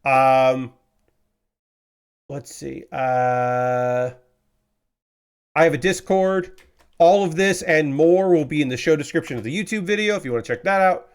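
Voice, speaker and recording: A man's voice: fairly high pitch, measured pace, pauses often, clean tone. A man live-streaming while he builds model kits, talking casually and rambling, with lots of fillers and some swearing. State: frustrated.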